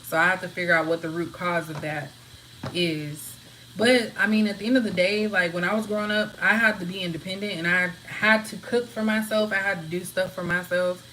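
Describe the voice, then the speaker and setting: A woman casually rambling from home to her live viewers, answering their comments in a relaxed, open way. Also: on the low side, brisk, a little hiss or hum, rough recording. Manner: relaxed, talks freely, answers chat comments. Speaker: livestream host.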